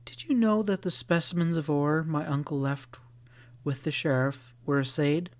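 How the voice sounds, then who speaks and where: A man voicing a cool-headed, determined young woman in an audiobook, raising his voice higher for her. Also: normal speed, natural voice. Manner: raised pitch for a young woman.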